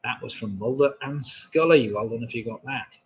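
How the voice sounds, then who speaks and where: A man's voice: medium pitch, normal speed. A man hosting a live pub quiz, reading questions with chatty, jokey asides. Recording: dull lo-fi stream audio.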